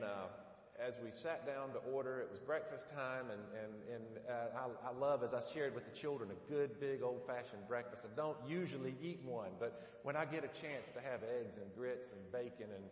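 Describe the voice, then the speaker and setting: A man's voice: medium pitch, moderate pace. A man preaching a sermon as pastor, folksy and conversational, with humorous asides. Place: church sanctuary. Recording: echoey church sanctuary, dull lo-fi sound.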